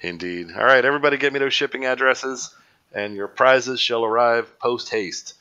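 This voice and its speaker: Bright-voiced rambling male show host. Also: mid-range voice, moderate pace, smooth, dull audio. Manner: rambling, jokey, self-mocking. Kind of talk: casual chat.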